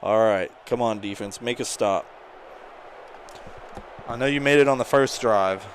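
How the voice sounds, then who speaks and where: A man giving live commentary on his own gameplay, excitable and shouting at his players during big plays. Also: lowish voice, a little slow, a little hiss or hum. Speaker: gaming channel host.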